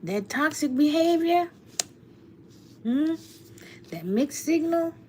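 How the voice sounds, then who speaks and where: Woman, tarot reader, live stream, emotional, heartfelt, slightly high voice. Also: animated, takes it slowly, noisy background. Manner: heartfelt, emotional, laughs often. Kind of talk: live-stream talk to viewers.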